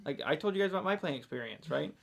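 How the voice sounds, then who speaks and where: A man running a live sale races through lot numbers and family anecdotes in a casual, chatty way. His voice is a little high, sing-song, and creaky.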